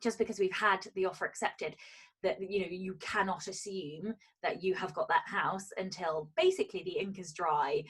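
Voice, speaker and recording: A woman's voice: fairly low pitch, normal speed, fairly bright tone, slightly rough, poor audio. A woman co-hosting a podcast in casual chat, talking chattily, laughing often and swearing casually. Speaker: podcast co-host.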